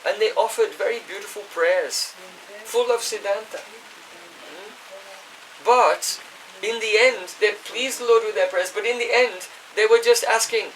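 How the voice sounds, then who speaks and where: A man's voice: high-pitched, unhurried, fairly bright tone. A man giving a scripture class, explaining at length, chanting Sanskrit verses and checking in with his listeners. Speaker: spiritual teacher. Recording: voice distant from the mic.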